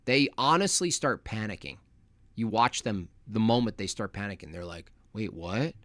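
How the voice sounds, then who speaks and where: A man's voice: on the low side, animated, normal speed, a bit bright, no echo. A man hosting a livestream, reading chat and ranting in a mocking, opinionated way. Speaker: livestream host.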